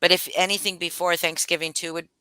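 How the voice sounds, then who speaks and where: A young woman chatting on a podcast, swearing freely and spinning crude jokes. Her voice sits a little low but sounds bright and forceful. It is recorded close and dry, with no room sound. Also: flat delivery, fast talker, clear, resonant tone, no room sound, poor audio. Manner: crude, joking storyteller. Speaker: podcast co-host. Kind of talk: casual chat.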